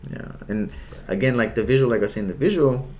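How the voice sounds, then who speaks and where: A man's voice: medium pitch, fast, darkish tone. A man hosting a casual chat, telling rambling stories and acting out the quoted lines of other people. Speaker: host.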